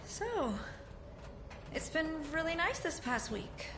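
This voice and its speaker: A woman's voice: extremely high pitch, sing-song, takes it slowly, noisy background, exaggerated voice. An actress playing a nervous young woman in a video game, startled and timid. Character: nervous young woman animator working late. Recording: roomy game audio with music.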